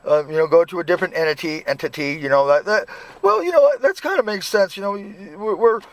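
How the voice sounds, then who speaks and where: Host type, man, stammering and restarting, slightly high voice. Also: animated. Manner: halting, repeats words and restarts often. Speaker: channel host. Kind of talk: casual chat and phone calls.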